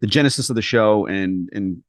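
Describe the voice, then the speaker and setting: Recorded dry and at studio quality, a man with a fairly low pitch speaks at normal speed while co-hosting a casual podcast. His storytelling is lively, and he acts out the quotes.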